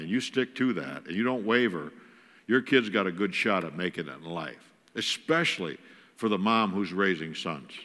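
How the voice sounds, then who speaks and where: A man's voice: fairly low pitch, bright, forceful tone, in a large hall. A man giving a folksy, joking talk as a guest speaker in a church. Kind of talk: humorous sermon talk on parenting. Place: church auditorium.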